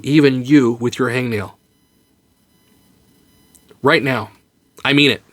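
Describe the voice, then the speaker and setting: A man's voice: mid-range voice, a bit bright. A man hosting a podcast, giving an earnest, comforting monologue that turns to light joke telling. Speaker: podcast host. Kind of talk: heartfelt encouraging monologue.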